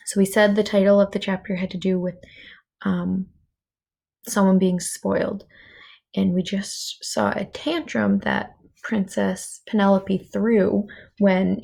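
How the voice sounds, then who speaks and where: A woman teacher reading a chapter book aloud to young children. She reads expressively and breaks off to comment and quiz her listeners. Her voice has a gravelly, slightly creaky texture. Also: mid-range voice, a little mellow.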